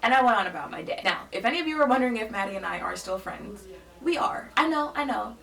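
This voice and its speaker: Gravelly, bright-voiced young woman storyteller. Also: fairly high pitch, expressive, quick pace, far from the mic. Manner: blunt, emphatic, sassy. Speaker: vlogger. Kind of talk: casual storytelling.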